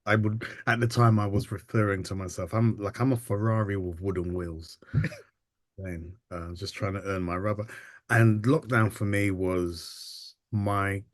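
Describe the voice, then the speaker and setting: Brief: male guest, very deep voice, dry close mic, thoughtful and halting. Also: steady tone, no echo. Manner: halting and reflective, many ums and restarts. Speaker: interview guest, photographer and artist. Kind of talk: casual interview storytelling.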